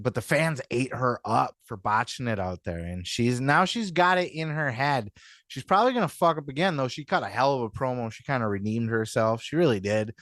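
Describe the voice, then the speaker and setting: A man's voice: medium pitch, fairly bright tone, no room sound, studio quality. A man hosting a podcast, talking in a rambling, casual commentary style with lots of "you know what I mean" and some swearing. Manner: acts out quotes in mock voices. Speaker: podcast host.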